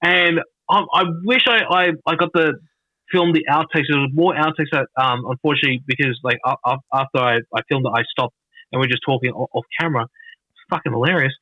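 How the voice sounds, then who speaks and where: An Australian man, a podcast guest, telling stories in a rambling, halting way with lots of restarts and swearing. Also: medium pitch, sharp tone, no room sound. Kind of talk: casual storytelling. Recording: dull lo-fi dry sound.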